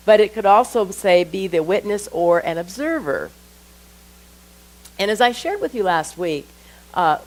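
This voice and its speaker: Lively, slow-speaking woman minister. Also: lowish voice, low-quality recording. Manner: lively storytelling, acting out her own thoughts with rising voice; reads quoted passages slowly and deliberately. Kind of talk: sermon.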